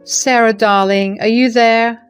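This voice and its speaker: Woman reading as a gentle, apologetic mother-in-law. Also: fairly high pitch, fairly even intonation, measured pace, clear, resonant tone, soft background music, lightly acted. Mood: worried. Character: remorseful middle-aged mother-in-law.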